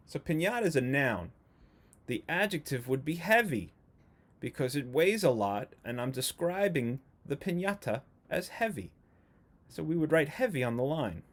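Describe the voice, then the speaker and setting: A man teaching a first grade remote video lesson, speaking slowly and patiently and stretching out words for young children. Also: medium pitch.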